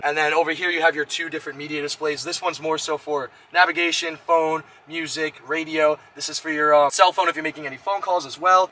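A man's voice: on the high side, bright, forceful tone, low-quality recording. A young man giving a casual, enthusiastic tour of his car from inside it, rambling and addressing viewers as "guys". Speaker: vlogger.

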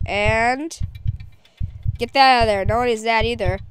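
A woman's voice: a little high, a little slow, slight background noise. Goofy woman rambling over a game. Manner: goofy, rambling, jokes to the patient. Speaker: gameplay commentator. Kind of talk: let's play commentary.

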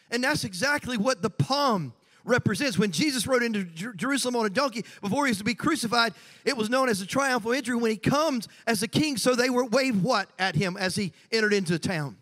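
A woman's voice: a little high, fairly bright tone, big-room sound. A woman pastor preaching a sermon in a church sanctuary, conversational, with joking asides to the congregation.

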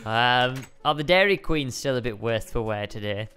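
A man's voice: animated, normal speed, sharp tone, clear, resonant tone. A man co-hosting a silly game let's play, joking and giggling. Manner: goofy, giggly, talks in low asides. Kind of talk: playful gaming chat with a co-host.

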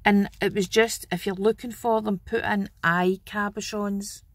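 In a dry recording, a Scottish craft channel host talks at a measured pace with a steady, medium-pitched tone. She casually shows off her craft haul, homely and chatty, with a fondness for the word "wee."

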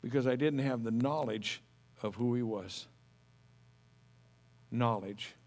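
A man's voice: medium pitch, moderate pace, darkish tone. A middle-aged man preaching a sermon as pastor, folksy and homespun, telling stories with humor.

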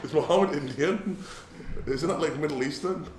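A man's voice: a little high, moderate pace. A British man from the UK chatting as a guest, laid-back and self-deprecating. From United Kingdom. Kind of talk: casual chat. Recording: echoey room with background noise.

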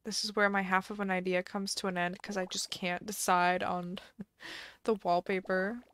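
A woman's voice: medium pitch, flat delivery, normal speed, a bit bright, no room sound. A woman streamer chatting casually on a live game stream, thinking aloud and musing indecisively as she plays.

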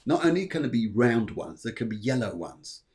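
A man's voice: medium pitch, sing-song, normal speed, a little mellow. A man hosting a live psychic show, giving readings in a chatty, rambling way, correcting himself often and joking between readings. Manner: rambling, self-correcting, jokey, many fillers. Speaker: psychic medium and show host.

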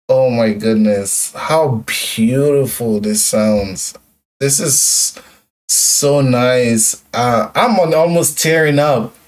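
A man's voice: medium pitch, a little mellow, far from the mic. A young man hosting a music reaction video, emotional and repetitive, with lots of yo and like. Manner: emotional, repeats phrases, says yo and like. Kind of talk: casual reaction commentary.

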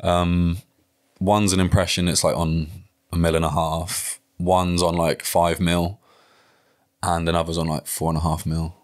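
A man's voice: low-pitched, flat delivery, unhurried. A man talking as a guest on a podcast, rambling casually with many fillers and frequent swearing.

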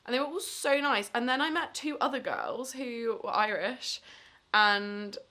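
A woman's voice: a little high, unhurried, bright, forceful tone. A woman in her twenties chatting casually to camera in a rambling, chatty way. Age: 20s. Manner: rambling, lots of fillers. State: drunk and tired late at night. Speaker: vlogger.

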